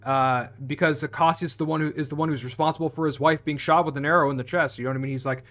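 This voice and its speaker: A man's voice: fairly high pitch, fairly even intonation, fast, a bit bright, faint music behind. A man recapping a film plot in a casual, profane rant, full of restarts and tangents. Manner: rambling, profane, with many restarts. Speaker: film reviewer.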